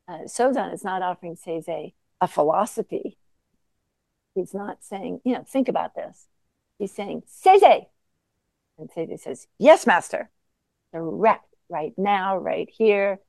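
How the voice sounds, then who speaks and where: A woman gives a dharma talk as a Zen teacher, her voice low-pitched and mellow. She speaks in a soft, reflective way, then breaks into sudden emphatic bursts, all recorded dry and close. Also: takes it slowly, vocal fry, dry recording, poor audio.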